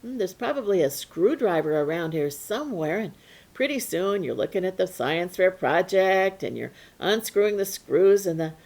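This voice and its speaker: A woman storyteller telling a folk tale to children in an animated, playful way, with sudden hushes and leaps in pitch.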